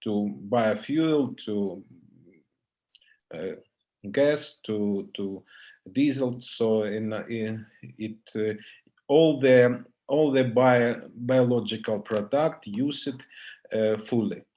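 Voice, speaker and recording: A man lecturing over a video call. He speaks at an unhurried, measured crawl in a middle-pitched voice, stopping often to search for the next English word. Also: mellow, lo-fi sound. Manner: halting non-native English, many pauses and fillers. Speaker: visiting lecturer. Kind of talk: online lecture Q&A.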